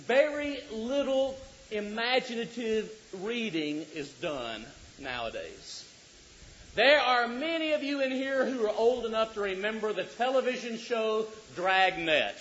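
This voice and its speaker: High-pitched preacher, lively and loud. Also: male voice. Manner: animated, rising to shouts for emphasis, joking with the congregation. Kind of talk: sermon. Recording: dull lo-fi recording.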